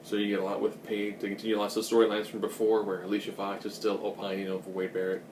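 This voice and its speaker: A man's voice: fairly low pitch, monotone, fast, echoey room, recorded from a distance, background noise. A man giving a casual, rambling recap of a TV episode, with joking asides. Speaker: recap host.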